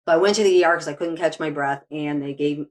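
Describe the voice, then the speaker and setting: A woman's voice: deep voice, fast. A middle-aged woman, a medium, telling a personal story as a podcast guest in a rambling way, with restarts and fillers.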